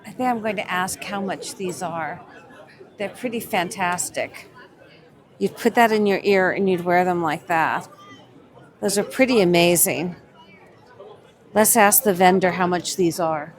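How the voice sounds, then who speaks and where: Slow, gushing woman at a market. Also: fairly low pitch, a faint crowd. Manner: gushing, enthusiastic, admiring. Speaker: vlog co-host shopping a market. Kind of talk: casual on-location commentary. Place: winter market.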